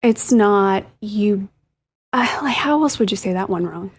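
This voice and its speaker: A woman's voice: mid-range voice, lively intonation, measured pace, breathy edge. A woman co-hosting a tech show, chatting animatedly and giggling often. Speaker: co-host. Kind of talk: casual chat.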